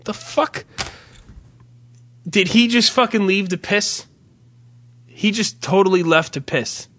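A man co-hosting a podcast in casual, profane banter, rambling and animated as he tells stories. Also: high voice, a little slow. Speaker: podcast co-host.

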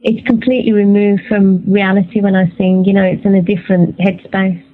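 A woman's voice: mid-range voice, little pitch movement, brisk, narrow, tinny audio. A woman from England with an English accent, chatting casually and laughing as a musician guest on an interview show. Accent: English Birmingham.

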